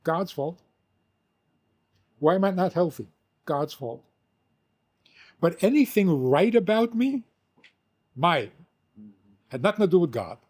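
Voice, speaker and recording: An older man, a rabbi, teaching with an animated story, acting out the quotes and laughing often. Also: sits high, takes it slowly, pauses often, breathy edge.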